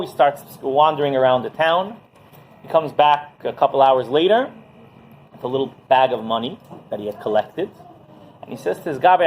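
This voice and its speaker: A man teaching as a rabbi, telling a story in a lively way and often asking "right?" as he goes. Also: a little high, moderate pace, a little hiss or hum, rough recording. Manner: animated, keeps asking "right?". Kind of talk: Torah class storytelling.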